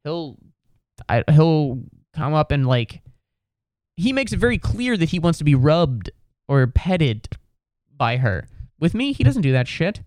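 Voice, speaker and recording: A man's voice: fairly high pitch, very animated, a little slow, long pauses, a little mellow, dry recording, studio quality. A young man hosting a casual comedy podcast alone, rambling and swearing, full of "like" and "dude". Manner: rambling, profane, lots of likes and dudes. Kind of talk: casual solo podcast rant.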